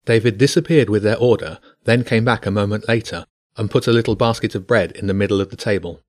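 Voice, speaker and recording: Measured man reading a bedtime story. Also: fairly low pitch, no echo, clean studio sound. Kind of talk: scripted bedtime story narration.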